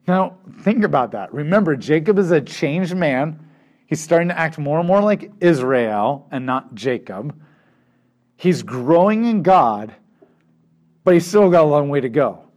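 Bible teacher, male, slightly raised pitch, lively storyteller. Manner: animated storytelling, acting out quotes.

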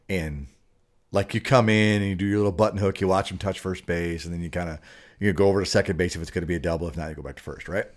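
Low-pitched male co-host with a very lively, swooping delivery, telling umpire stories. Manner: relaxed, fills with "right?" and "like". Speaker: podcast co-host and sports official. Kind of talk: casual storytelling on a podcast.

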